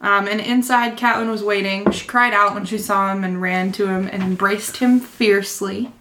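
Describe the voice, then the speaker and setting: A woman's voice: medium pitch, steady tone, moderate pace, pushed and bright. A young woman co-hosting a podcast, retelling a book chapter in casual chat, laughing often and stumbling over words.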